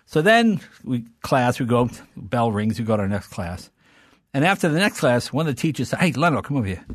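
A man's voice: medium pitch, moderate pace, dry recording, clean studio sound. An older man, a talk-show guest, telling childhood stories in casual conversation and slipping into voices. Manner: animated, fond of doing voices.

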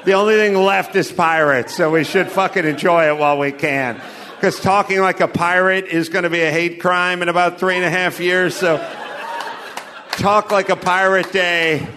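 High, bright-voiced rambling male comic. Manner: rambling, crude, deadpan jokes with laughs. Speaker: comedian. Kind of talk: loose stand-up storytelling.

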